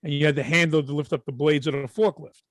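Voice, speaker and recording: Profane Brooklyn storyteller. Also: male voice, a little high, quick pace, dry recording, clean studio sound. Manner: animated, profane, acts out quotes. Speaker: podcast co-host. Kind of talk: casual storytelling.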